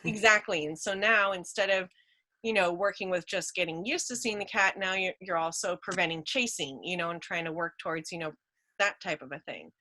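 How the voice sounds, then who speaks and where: Give me a talkative woman with a bright, forward voice, chatting casually. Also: fairly low pitch, brisk, poor audio. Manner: chatty, full of "you know" and "like". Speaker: guest, dog rescuer. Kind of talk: casual chat.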